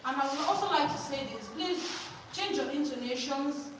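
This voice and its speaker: A high-voiced woman talks at a moderate pace while running a teacher training session. She drills the room call-and-response style, prompting people to finish her sentences. The recording is noisy and echoey, made in a hall with the mic at a distance.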